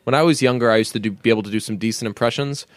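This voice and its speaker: A man's voice: medium pitch, rapid-fire, no room sound. An American man co-hosting a podcast, chatting casually with a joking, rambling manner and frequent laughs. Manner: joking, rambling, laughs often, slips into goofy voices. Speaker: podcast co-host. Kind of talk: casual chat.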